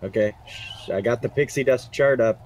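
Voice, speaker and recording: A man's voice: mid-range voice, moderate pace, darkish tone, slight background noise. A man playing a tabletop role-playing game, talking in a boisterous, teasing way to his fellow players.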